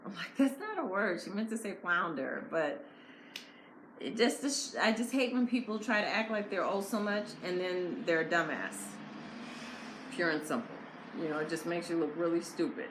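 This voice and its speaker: Woman, lowish voice, blunt, opinionated, casual recap commentary, echoey room. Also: normal speed. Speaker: reality show recap host. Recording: echoey room with faint noise.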